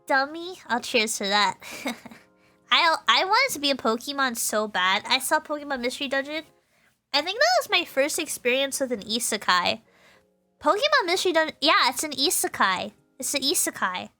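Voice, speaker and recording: High, bright-voiced tipsy woman rambling. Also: big pitch swings, moderate pace, faint music behind. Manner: giggly, loose and meandering, self-correcting. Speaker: VTuber streamer. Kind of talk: casual rambling explainer.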